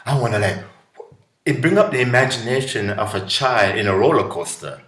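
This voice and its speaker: A man from Jamaica with a Jamaican accent, a guest musician giving an animated, preachy inspirational talk. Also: mid-range voice, fairly quick, roomy sound. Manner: preachy, animated, acts out voices.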